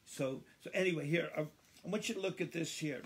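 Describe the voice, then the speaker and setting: A man leading a livestreamed Bible study, reading verses slowly and emphatically, repeating phrases and chatting to viewers. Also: on the high side, slight background noise. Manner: addresses viewers by name, conversational asides.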